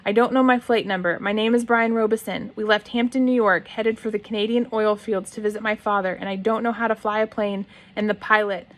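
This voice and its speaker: A woman's voice: medium pitch, steady tone, a little fast, few pauses, close to an everyday voice. A woman reading aloud, voicing a frightened boy alone in a small plane who pleads for help over the radio, repeating himself. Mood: desperate.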